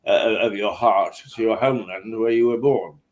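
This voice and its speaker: A man's voice: fairly low pitch, normal speed, darkish tone. A man hosting a casual interview, hesitant, with many fillers and restarts. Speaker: host. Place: hotel.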